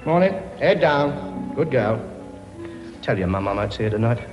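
A man's voice: medium pitch, expressive, normal speed, lo-fi sound, loud music behind the voice, lightly acted. A man playing a bossy, boastful comic king in a sitcom, blustering and scolding in a chummy way. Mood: brusque. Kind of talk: sitcom acting before a laughing audience.

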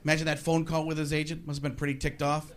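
A man doing a stand-up comedy set, animated and bouncing between asides and impressions. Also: on the high side, quick pace. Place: comedy stage before a live audience. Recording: live club recording with crowd and hiss.

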